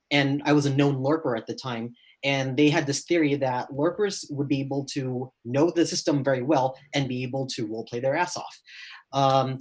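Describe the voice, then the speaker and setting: A man chatting casually as a roundtable guest, relaxed and full of "um.". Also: medium pitch. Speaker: roundtable guest, role-player. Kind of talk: casual chat.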